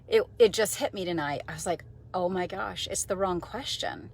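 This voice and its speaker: A woman's voice: mid-range voice, expressive, moderate pace, few pauses, breathy edge. A woman in her forties talking casually to camera from a car, enthusiastic and conversational, with fillers and restarts. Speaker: vlogger, mindset coach. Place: parked car.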